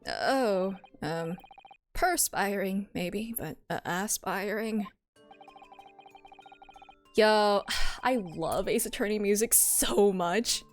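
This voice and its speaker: A woman streamer chatting between game lines in a giggly, chatty way. Her pitch is mid-range but very animated, jumping up and down freely, with faint music under her voice. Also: drawn-out words, long pauses. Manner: giggly, chatty, lively asides. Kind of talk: casual stream chat between read lines.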